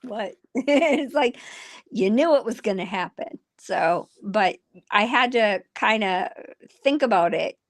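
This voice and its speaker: A middle-aged woman with a Minnesotan accent, chatting casually as a voice actor on a video call, chatty and quick to laugh. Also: mid-range voice, animated. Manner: chatty, laughs often, puts on voices when quoting. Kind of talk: casual chat.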